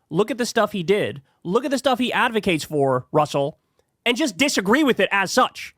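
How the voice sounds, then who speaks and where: A man's voice: high-pitched, sing-song, fairly quick, fairly bright tone, no echo, studio quality. A man hosting a heated political commentary show, sarcastic and profane.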